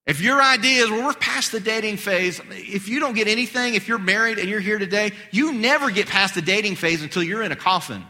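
Man, pastor, lively sermon, hoarse voice, bright high tone, long church reverb. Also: fast, hardly any pauses. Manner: animated, conversational preaching with acted-out quotes. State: losing his voice. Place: church sanctuary.

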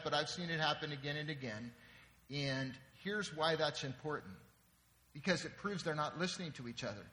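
Preaching in a large hall with long reverb, this pastor has a fairly high, bright, forceful voice. His sermon is conversational, and he keeps checking in with the congregation.

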